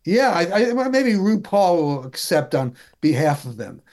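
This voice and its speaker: A man talking politics in a casual chat, wry and halting, with many restarts. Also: sits high, very animated, darkish tone.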